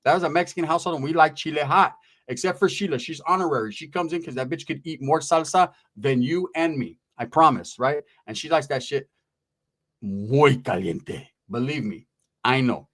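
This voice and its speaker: A man telling a raunchy comic story in a profane, rambling, animated way. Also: a little high, normal speed. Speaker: comedian.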